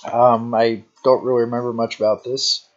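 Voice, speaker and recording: A man's voice: mid-range voice, little pitch movement, muffled recording. A man in casual rambling commentary, talking sleepily with lots of "you know" fillers. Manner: unhurried, drawn-out delivery. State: sleepy, yawning. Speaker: deck showcase narrator.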